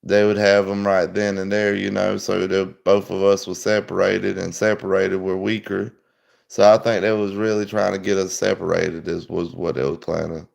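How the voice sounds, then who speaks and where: A man's voice: deep voice, little pitch movement, moderate pace, creaky. A man hosting a livestream, telling stories in a rambling, over-the-top way with lots of laughing. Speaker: livestream host. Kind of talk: casual livestream chat.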